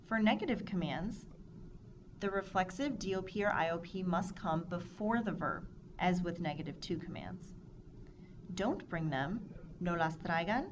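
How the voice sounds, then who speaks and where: A woman teaching a Spanish grammar lesson, explaining clearly and drilling verb forms in a measured, scripted way. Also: on the low side, animated. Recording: dull lo-fi recording with audible noise.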